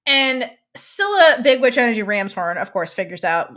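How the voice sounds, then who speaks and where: A woman's voice: a little high, moderate pace. A woman co-hosting a podcast, recapping a TV episode in casual chat, rambling with lots of "like"s and restarts. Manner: rambling, animated, many "like"s and restarts. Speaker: podcast co-host.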